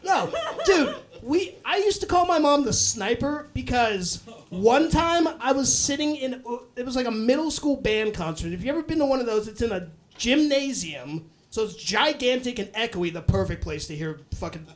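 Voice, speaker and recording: A young man with a notably high voice performs live stand-up. He talks loosely and swears freely, slipping into quick impressions of other people as he goes. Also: lively intonation. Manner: loose, profane storytelling with bursts of acted voices. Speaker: stand-up comedian.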